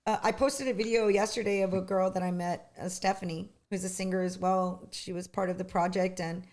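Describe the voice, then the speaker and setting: A middle-aged woman, a singer, chatting as an interview guest with lots of restarts and lively retelling. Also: lowish voice, brisk. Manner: chatty, animated storytelling with many restarts. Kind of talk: casual interview chat.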